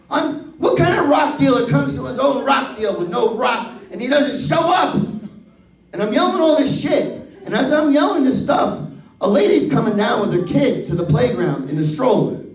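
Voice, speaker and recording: A middle-aged man doing stand-up storytelling on a comedy club stage, animated and profane, laughing through the story. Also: extremely high pitch, normal speed. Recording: echoey club room from a distance.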